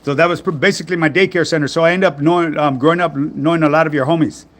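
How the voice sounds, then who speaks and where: Socal guy on a livestream, kinda high voice, loose and cussing, reading comments. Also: fairly even intonation, rapid-fire, fairly bright tone. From Southern California. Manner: slangy, profane, laid-back. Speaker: fitness livestream host. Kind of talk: casual livestream chat answering comments.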